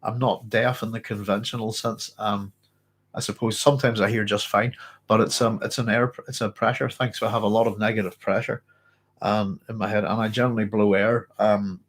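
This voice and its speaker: Guy, somewhat low voice, all bunged up, rambling about a book w/ lots of ums. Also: flat delivery, moderate pace, a bit bright. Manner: chatty, rambling, many fillers and restarts. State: congested, blocked-up nose. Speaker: book club host and teacher. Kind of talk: casual book discussion with reading aloud.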